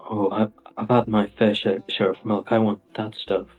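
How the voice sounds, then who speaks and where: A man describes his character's actions in a low, monotone voice. His sound is thin and phone-like, as if coming over a call. Faint music plays underneath. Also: normal speed. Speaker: player. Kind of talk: playing a tabletop game. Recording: tinny phone-like line.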